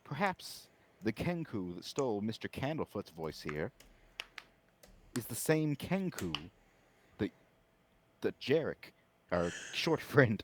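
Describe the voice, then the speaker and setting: Very animated man in playful role-play. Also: fairly low pitch, slow, pauses often, slight background noise. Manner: playful, mock-formal, teasing. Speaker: tabletop player. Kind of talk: in-character tabletop play.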